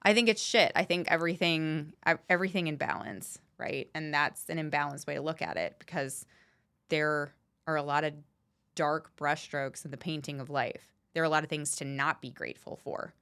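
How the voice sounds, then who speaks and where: A woman with a low voice talks frankly in a relaxed podcast conversation. She is blunt, swears without hesitation and leans hard on her key words. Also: normal speed, clear, resonant tone. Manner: frank, swears freely, emphatic. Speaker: podcast guest. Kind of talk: candid conversational talk.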